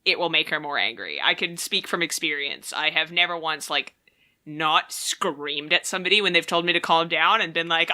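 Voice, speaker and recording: Young female co-host, very bright voice, sarcastic and animated. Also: low voice. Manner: animated and sarcastic, with quick comic asides. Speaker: podcast co-host. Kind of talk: casual chat.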